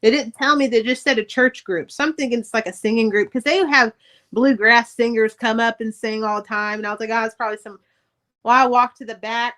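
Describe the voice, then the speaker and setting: A middle-aged woman, an author on a podcast, candidly telling her life story in casual, profane, animated speech. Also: a little high, a little fast.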